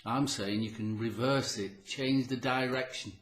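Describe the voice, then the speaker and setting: A man's voice: mid-range voice, fairly even intonation, unhurried, a bit bright, echoey room. A man giving an earnest, emphatic motivational talk to camera about his health, repeating key phrases and sounding short of breath. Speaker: health vlogger.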